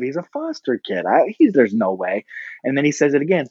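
A middle-aged man, a pastor, telling a personal story casually and animatedly, often jumping up in pitch for the voices he quotes. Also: a little fast, breathy edge, no room sound, muffled recording. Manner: animated, breaks into high-pitched quoted reactions.

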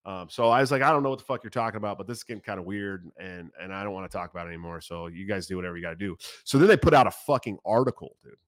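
A man in his thirties tells a personal story in a low voice, swearing freely and talking fast. His delivery is animated and casual. The recording is dry and close, with no room sound. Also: no room sound. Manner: profane, animated, talks fast. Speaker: political candidate.

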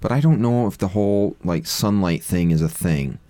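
Podcast co-host, male, low and laid-back, loosely self-correcting. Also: moderate pace. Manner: relaxed, rambling, self-correcting. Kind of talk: casual movie-review chat.

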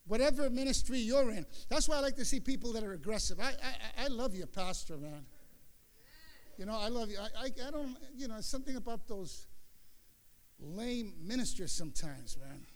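High-voiced older male preacher. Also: animated, normal speed. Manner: storytelling preacher, swings between mumbled asides and loud exclamations. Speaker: pastor. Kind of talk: sermon.

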